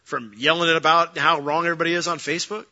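A man preaching with a sharp, bright, slightly high voice, his delivery animated and swelling to loud, passionate peaks. He slips in wry self-deprecating humor. The recording sounds dull and lo-fi. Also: quick pace. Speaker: pastor. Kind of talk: sermon with personal story.

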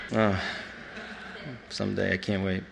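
A man's voice: lowish voice, heavy background noise. A man giving an earnest, reflective personal testimony as a church speaker. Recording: long reverb in a big hall.

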